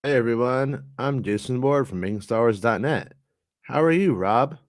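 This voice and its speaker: A man's voice: medium pitch, animated, normal speed, no echo. Dry, close, chatty podcast host man. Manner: loose and chatty, with fillers and restarts. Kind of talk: casual podcast chat.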